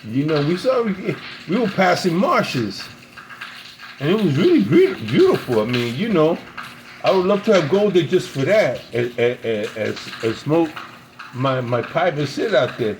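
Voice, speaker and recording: A man's voice: a little high, big pitch swings, normal speed, slight background noise, rough recording. A man casually telling a long story, rambling, repeating words and laughing often. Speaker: pipe-smoking video host.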